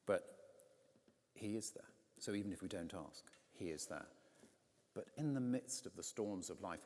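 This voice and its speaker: A man, a vicar, preaching a conversational sermon from a pulpit, telling the story with lively quoted voices. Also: deep voice, normal speed, long pauses. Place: large stone church, in a pulpit. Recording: long church reverb.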